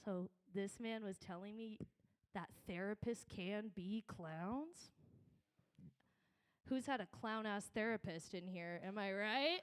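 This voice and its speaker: A woman's voice: mid-range voice, slow pace, smooth. A woman doing a stand-up set on a club stage, telling a rambling, self-interrupting story into a handheld mic. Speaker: stand-up comedian.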